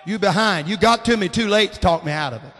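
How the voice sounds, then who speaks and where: High-voiced preacher man in his fifties. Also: fast talker, faint music behind. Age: 50s. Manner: folksy Southern preaching, rising to fervent shouts. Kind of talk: sermon. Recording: long hall reverb.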